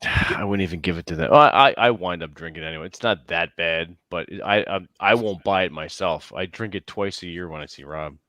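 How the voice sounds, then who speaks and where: A man with a very deep voice chats casually in a dry, close sound. He swears freely and stumbles over repeated words before getting his point out. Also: fairly quick, few pauses, pushed and bright, no echo. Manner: profane, stammering repetitions. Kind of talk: casual chat.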